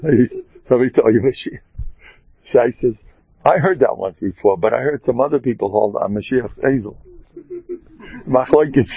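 A man, a rabbi, telling a story in an animated way and mixing in Hebrew and Yiddish terms. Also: mid-range voice, normal speed, gravelly, long pauses, slightly rough, dry recording, muffled recording. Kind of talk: storytelling talk.

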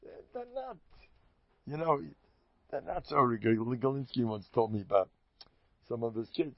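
A man in an informal storytelling talk, animated and rambling, chuckling as he goes and restarting his sentences. His voice sits in the middle range. The recording is somewhat dull and lo-fi, with a dry, close sound. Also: medium pitch, normal speed, long pauses, no echo. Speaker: Hasidic storyteller giving a talk.

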